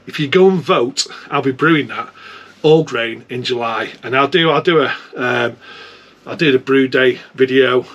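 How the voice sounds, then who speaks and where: A man's voice: mid-range voice, moderate pace, a bit bright, lo-fi sound. A man with a British accent chatting informally and at length as a homebrew vlogger. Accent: British English. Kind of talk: casual chat.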